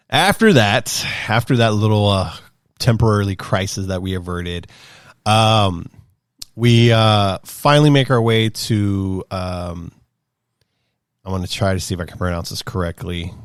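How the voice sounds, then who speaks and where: A man in his thirties casually telling a rambling, animated story as a podcast host, acting out quotes in a higher voice. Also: takes it slowly, long pauses, no echo, studio quality. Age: 30s.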